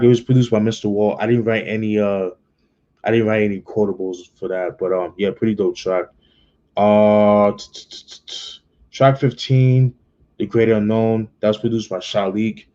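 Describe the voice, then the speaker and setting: A man's voice: on the low side, a little mellow, lo-fi sound. Laid-back slangy man reviewing an album. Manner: laid-back, slangy, many fillers and restarts. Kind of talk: casual spoken album review.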